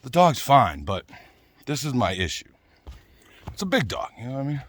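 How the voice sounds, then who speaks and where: A man's voice: medium pitch, very animated, normal speed. A man ranting casually, blunt and swearing, often tagging "right?" and "you know?". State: out of breath at times. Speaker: vlogger.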